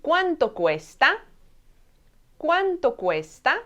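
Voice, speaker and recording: A woman teaching a language lesson, saying each travel phrase slowly and clearly and repeating it. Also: sits high, big pitch swings, a bit bright, dull audio. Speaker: Spanish teacher.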